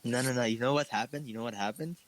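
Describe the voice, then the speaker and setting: A young man co-hosting a relaxed chat, teasing his friend before patiently explaining his reasoning. His voice sits in an ordinary middle pitch. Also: fast, dry recording, poor audio. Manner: joking, then calmly explaining his view. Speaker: podcast co-host. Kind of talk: casual chat.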